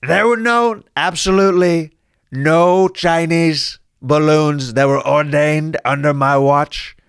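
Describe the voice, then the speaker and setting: A man's voice: on the high side, fairly even intonation, vocal fry, clean tone, dry recording, studio quality, pitched above the performer's own voice. A man doing an impression of a boastful male politician who brags, repeats himself and keeps tagging on "okay?". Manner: bragging, repeating "okay?", drawn-out emphasis. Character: boastful brash male former president.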